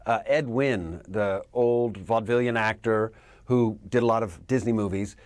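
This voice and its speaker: A man, an actor, answering interview questions in an animated way, laughing often and dropping into character voices. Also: fairly low pitch, moderate pace, dry recording.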